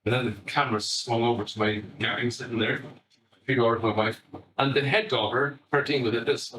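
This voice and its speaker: A man's voice: medium pitch, steady tone, brisk, crowd noise. A middle-aged Irish man, a family psychotherapist, giving a chatty talk to parents full of anecdotes, asides and restarts. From Ireland. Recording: echoey room, far from the mic.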